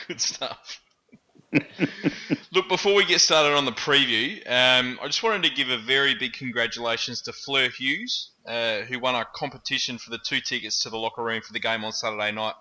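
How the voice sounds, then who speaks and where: An Australian man hosting a sports podcast, upbeat and quick with short words of approval. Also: mid-range voice, pushed and bright. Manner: upbeat, brief affirmations. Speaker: podcast host. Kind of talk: casual sports chat.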